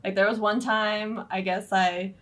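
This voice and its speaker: A woman's voice: medium pitch, little pitch movement, unhurried, a bit bright. A woman co-hosting a paranormal podcast, telling stories in casual chat and laughing often. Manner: storytelling, giggly. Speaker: podcast co-host.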